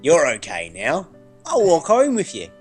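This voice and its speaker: A man playing Toma, gentle protective young man. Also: fairly high pitch, wildly swooping pitch, unhurried, faint music behind, voice pushed up. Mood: reassuring.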